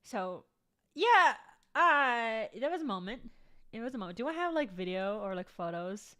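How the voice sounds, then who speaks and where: A young woman chatting straight to her viewers in a rambling, casual vlog. Her voice sits a little high, and she curses freely and often. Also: sing-song, moderate pace, sharp tone. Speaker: vlogger.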